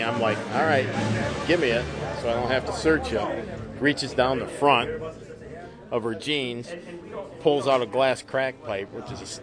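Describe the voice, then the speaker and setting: A man who is a police officer, casually telling a funny work story and laughing as he goes. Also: medium pitch. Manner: chatty, laughs through his own story.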